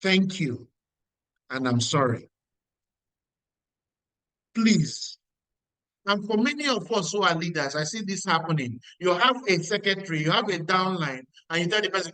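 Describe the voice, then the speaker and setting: Emphatic high-voiced Nigerian man. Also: lively intonation, moderate pace, pauses often, pushed and bright, no room sound, poor audio. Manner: emphatic, repeats lines, asks the audience questions. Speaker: business mentor. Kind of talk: motivational talk at a weekly meeting.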